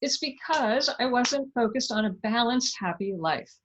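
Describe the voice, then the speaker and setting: Effusive high-voiced woman host. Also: lively intonation, moderate pace, noisy background. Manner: effusive, enthusiastic, reads viewer comments aloud. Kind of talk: live online interview wrap-up.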